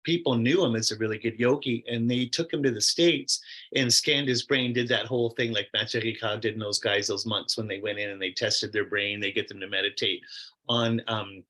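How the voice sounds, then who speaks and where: A middle-aged man teaching Buddhist meditation speaks in a medium register with a bright, forward timbre. He tells stories in a loose, conversational way, full of fillers, restarts and quoted asides. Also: mid-range voice, rough recording. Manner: chatty and rambling, many fillers, quoted asides. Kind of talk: casual storytelling in a Q&A discussion.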